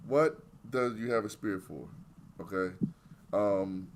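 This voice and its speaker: A man's voice: lowish voice, slow pace, a little hiss or hum. A man co-hosting a podcast, giving blunt, opinionated takes in casual, profane chat. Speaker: podcast co-host.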